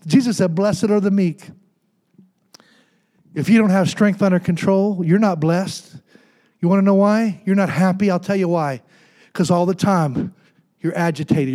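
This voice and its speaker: A pastor preaching a Pentecostal sermon, calling to the congregation with repeated "hello" and "amen" and building to shouts. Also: male voice, high-pitched.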